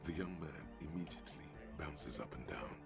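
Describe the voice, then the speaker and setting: A game narrator with an extremely deep, gravelly voice that rumbles along in a measured, dry way. Loud music plays behind him in the game audio. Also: male voice. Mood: wry.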